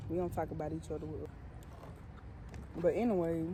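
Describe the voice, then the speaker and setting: A young woman co-hosting a casual chat outdoors, excitable and given to loud high bursts. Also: normal speed, background noise. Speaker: co-host.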